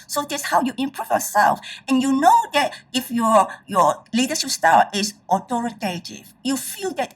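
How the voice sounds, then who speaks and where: Woman, presentation, highly expressive pitch, breathy, distant mic, emphatic, audience check-ins. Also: moderate pace, few pauses. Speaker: public speaking trainer.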